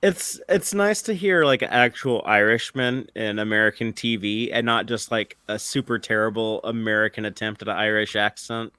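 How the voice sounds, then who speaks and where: Laid back host guy, lowish voice, dry close sound, explains stuff kinda haltingly. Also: sharp tone, clean tone, no room sound. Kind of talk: casual fan commentary chat.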